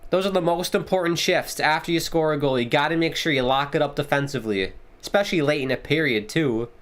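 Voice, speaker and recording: Male stream host, slightly high voice, casual live play-by-play, excitable and a bit profane. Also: fast, few pauses. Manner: excitable, reacts loudly to plays, swears casually. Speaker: livestream host. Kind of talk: casual live watchalong commentary.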